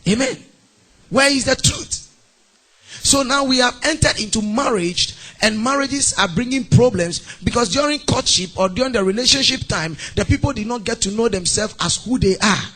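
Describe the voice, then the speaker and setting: Man, Ghanaian English accent, pastor, animated sermon, high voice, sing-song delivery. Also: moderate pace. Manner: animated, acts out mock phone calls and scenes.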